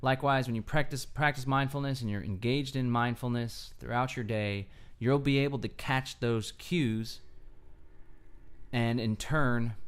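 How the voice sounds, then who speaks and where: A man's voice: medium pitch, clean tone. A man giving an earnest solo talk about mindfulness, explaining his points step by step and often checking in with "right?". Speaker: mindfulness speaker.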